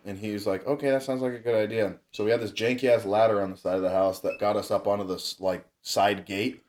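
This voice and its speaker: A man's voice: on the low side, fast, few pauses, darkish tone. A young man telling a wild childhood story in casual, profane chat, laughing often.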